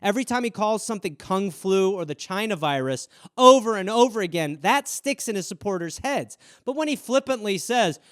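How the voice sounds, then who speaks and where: A man's voice: high-pitched, lively intonation, brisk, hardly any pauses, a bit bright, smooth, no room sound, clean studio sound. A man in his forties hosting a podcast, riffing casually and profanely, acting out little inner voices. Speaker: podcast host.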